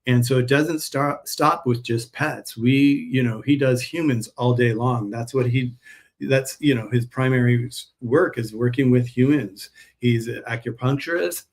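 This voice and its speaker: A man's voice: medium pitch, darkish tone. A man chatting casually on a live stream while packing orders, telling rambling stories in a friendly sales manner. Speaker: herbal pet supplement seller.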